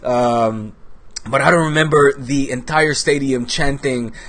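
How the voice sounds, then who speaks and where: A man's voice: medium pitch, steady tone, measured pace, fairly bright tone. A man in his thirties from the Netherlands, hosting a football show in casual, rambling chat full of fillers and swearing, with a cold. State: has a cold.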